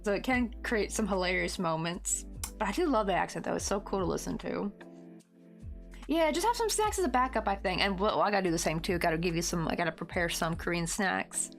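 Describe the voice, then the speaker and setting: A woman's voice: on the low side, animated, brisk, vocal fry, faint music behind. A woman chatting casually with viewers while crocheting, rambling along with lots of "like" and frequent laughter. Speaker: crochet livestreamer.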